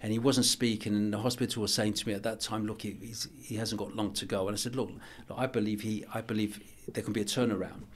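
A middle-aged man, a guest on a podcast interview, telling a personal story in an earnest, halting way with many restarts. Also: lowish voice, little pitch movement, slight background noise. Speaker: archbishop and boxing coach, guest.

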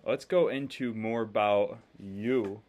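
A man's voice: lowish voice, takes it slowly, darkish tone, muffled recording. A man interviewing college baseball players in a casual, joking, opinionated way.

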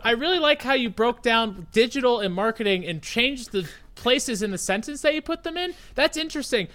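A man's voice: very high-pitched, animated, brisk, sharp tone, pitched above the performer's own voice, full character voice. A man voicing a woman professor who heaps sugary praise on her students and then turns scornful. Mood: gushing.

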